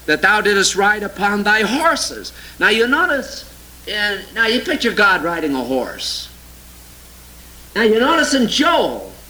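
A male preacher with a high, piercingly bright voice delivers a sermon and reads scripture aloud. He mocks opposing ideas with heavy sarcasm, jumping from loud outbursts to low, quiet asides. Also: poor audio. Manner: sarcastic, mocking; animated, swinging from loud exclamations to low asides.

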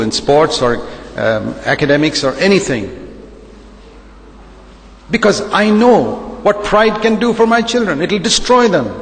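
A man's voice: a little high, long reverb tail, low-quality recording. A man preaching a sermon as a pastor, emphatic and repetitive, firing rhetorical questions.

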